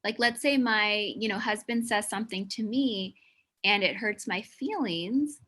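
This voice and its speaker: Bright, emphatic woman giving a talk. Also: medium pitch, unhurried. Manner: earnest and emphatic, with frequent "you know" and "like". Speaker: presenter of a mental health talk. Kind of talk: conversational educational presentation.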